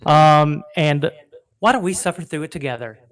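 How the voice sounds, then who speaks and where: A man co-hosting a loose comedy podcast, his voice sitting slightly high. He rambles through self-deprecating stories and acts out little exchanges in made-up voices, filling gaps with ums and uhs. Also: normal speed. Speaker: podcast co-host.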